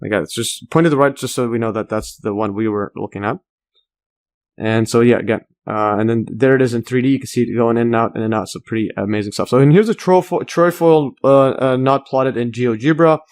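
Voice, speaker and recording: A man's voice: medium pitch, a little fast, darkish tone. Rambling man talking through math. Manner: rambling, thinks aloud with many fillers and restarts; enthusiastic asides. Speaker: math tutor. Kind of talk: casual screen-recorded math walkthrough.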